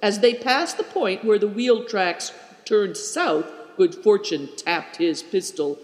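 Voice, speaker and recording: Guy reading a kids adventure book aloud, high lively voice, echoey room. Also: takes it slowly. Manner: expressive, animated delivery. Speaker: narrator. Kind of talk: storybook reading. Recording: echoey room with long reverb.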